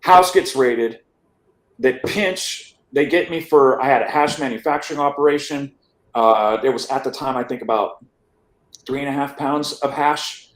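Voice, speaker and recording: A man tells a long personal story in a casual, lively way. He acts out what others said and trips over words now and then. His voice sits at a middle pitch and rings in a roomy, echoey space. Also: moderate pace. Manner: animated, acts out quotes, some stammered restarts. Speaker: interview guest.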